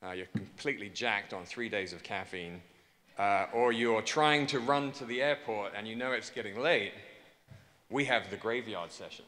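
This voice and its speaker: A man with an English accent speaking to a conference audience, joking and persuasive, repeating his pitch for emphasis. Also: normal speed, bright, forceful tone. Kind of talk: keynote speech to a conference audience. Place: large conference hall. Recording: long hall reverb.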